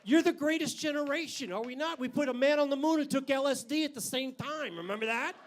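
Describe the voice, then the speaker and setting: A man's voice: extremely high pitch, fast talker, a faint crowd. An older man doing a stand-up comedy routine on a club stage with a handheld mic, brash and profane, landing punchlines hard.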